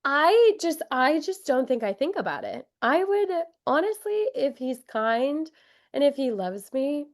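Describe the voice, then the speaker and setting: A woman's voice: high-pitched, very animated, unhurried. A young woman from the Midwest chatting casually on a podcast, upbeat and giggly, with lots of fillers. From Wisconsin. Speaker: podcast guest. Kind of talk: casual chat.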